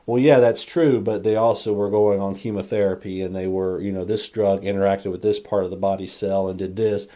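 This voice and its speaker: A man's voice: sits low, steady tone, a little fast, hardly any pauses, warm tone. A man hosting a faith podcast, talking earnestly in a rambling monologue with frequent restarts and self-corrections. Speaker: podcast host.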